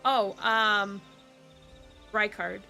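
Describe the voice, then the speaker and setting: A woman's voice: medium pitch, fairly even intonation, extremely slow, gravelly, sharp tone, soft background music. A woman, a Portuguese speaker, chatting casually on her stream and laughing often. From Brazil. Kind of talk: casual chat.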